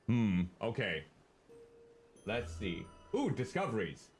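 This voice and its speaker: A man's voice: fairly low pitch, wildly swooping pitch, slow, faint music behind. A male streamer giving chatty, casual commentary while playing a game and thinking aloud.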